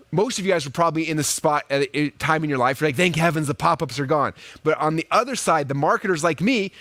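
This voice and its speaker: A man teaching online marketing to a live group, acting out quoted voices in a high excited pitch. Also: no echo, studio quality. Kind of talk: energetic teaching talk.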